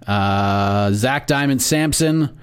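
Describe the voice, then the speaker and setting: An American man co-hosting a casual sports podcast, calmly reading through lists of fight matchups. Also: mid-range voice, takes it slowly, clear, resonant tone. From United States. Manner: relaxed, reads lists of matchups. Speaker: podcast co-host.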